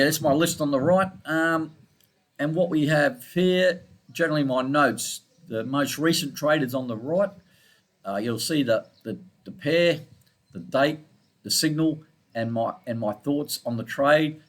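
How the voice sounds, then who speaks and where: A man from Scotland with an Australian accent, walking through his trading charts in a laid-back, informal and self-deprecating way. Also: mid-range voice. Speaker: forex trading analyst. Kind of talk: casual screen-share market walkthrough.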